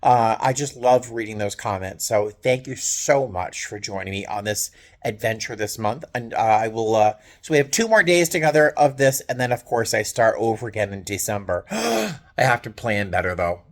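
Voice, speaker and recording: A man who works as a flight attendant tells a story in a casual video diary. He speaks from a hotel room on a layover, and his manner is animated, wry and self-mocking. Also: lowish voice, normal speed.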